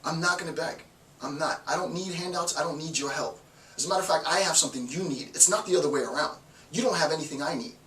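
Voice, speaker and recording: A man's voice: on the high side, fast. Emphatic male professor in echoey room. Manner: emphatic, repetitive, animated, with laughs. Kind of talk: philosophy lecture. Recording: roomy, distant mic, faint noise.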